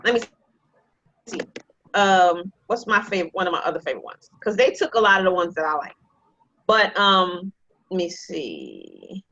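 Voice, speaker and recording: A woman teaching a real estate investing class, talking in a lively, joking, sales-pitch way. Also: moderate pace, pauses often, highs cut off. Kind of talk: live online class presentation.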